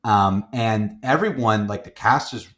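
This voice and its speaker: A man with a lowish voice chats casually about films as a host. He rambles along, circling back with fillers and restarts. He sounds easygoing and conversational. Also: a little slow, a bit bright. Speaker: film review host. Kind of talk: casual movie review chat.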